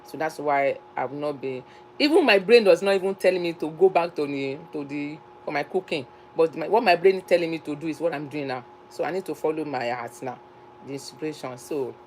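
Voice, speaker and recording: A woman with a Nigerian accent hosts a casual live chat, talking in a chatty, emphatic, repetitive way. Her voice sits fairly low for a woman. A faint hiss runs under the recording. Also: darkish tone, rough recording. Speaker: live stream host.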